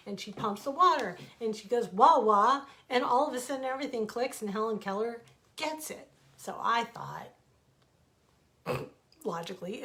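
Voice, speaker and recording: Middle-aged woman, fairly high voice, animated casual storyteller, rambling asides. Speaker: author and storyteller. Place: her home.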